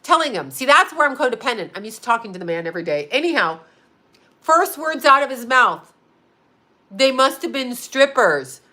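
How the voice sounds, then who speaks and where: A woman vlogger telling a story to her viewers in a casual, animated way, swearing freely and laughing often. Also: a little high, fast talker.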